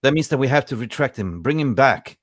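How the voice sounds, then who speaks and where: A man's voice: mid-range voice, lively intonation, fairly quick, dry recording, studio quality. A man hosting a casual football podcast, chatty and jokey, greeting viewers by name. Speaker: podcast host. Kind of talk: casual live-stream football chat.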